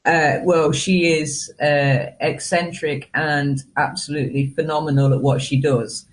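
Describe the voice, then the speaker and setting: A man's voice: a little high, fairly even intonation, unhurried, low-quality recording. A man, a guest chatting casually and animatedly on a live stream, often restarting his sentences. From England.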